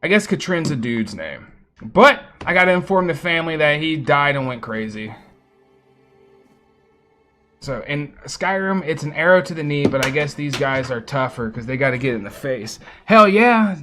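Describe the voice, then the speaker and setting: A man streaming a fantasy role-playing game, commenting casually and excitably and swearing freely as he reacts to the game. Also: a little high, normal speed, faint music behind. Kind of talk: live gameplay commentary.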